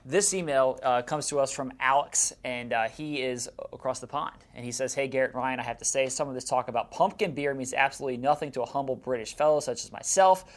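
A man's voice: medium pitch, fast, few pauses. A man co-hosting a casual sports podcast, chatty, laughing often and stumbling over his words. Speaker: podcast co-host.

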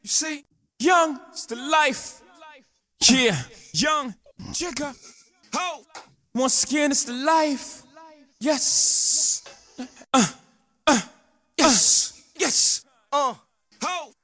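Guy doing a high squeaky rapper yelling ad-libs, slow drawn-out whoops. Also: heavily acted. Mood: hyped. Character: hyped male rapper ad-libbing over a beat.

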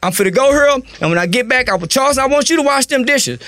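A man's voice: very high-pitched, animated, fast talker, bright, forceful tone, no echo, pitched above the performer's own voice, exaggerated voice. A man voicing a bossy old grandmother handing out chores. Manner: bossy, orderly instructions.

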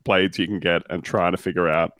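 A man's voice: sits low, fairly quick, dry recording, clean studio sound. A man telling stories in casual chat, swearing and acting out his own reactions. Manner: lively storyteller, swears, puts on sighs and voices.

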